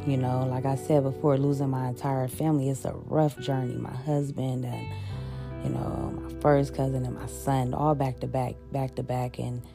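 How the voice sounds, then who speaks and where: A woman with a very deep, gravelly voice talks in a personal confessional monologue. She is halting and openly emotional, stumbling over repeated words and fillers. Music plays clearly beneath her voice. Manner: heavy-hearted, openly emotional. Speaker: podcast host. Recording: music playing underneath.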